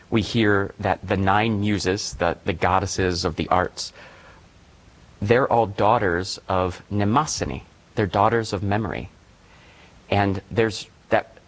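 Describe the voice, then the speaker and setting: A middle-aged man, a poet and former teacher, speaking in a thoughtful, measured way in an interview. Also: lowish voice, poor audio. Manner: thoughtful, measured, enthusiastic about verse. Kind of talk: interview conversation.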